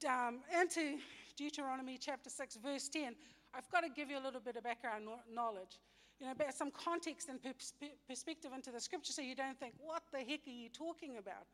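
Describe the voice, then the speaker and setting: A fairly quick, high-sitting female voice with a fairly bright tone carries this casual sermon on a Bible story. She talks it through in slang, filling gaps with ums and frequent restarts and corrections. The room adds a long hall reverb.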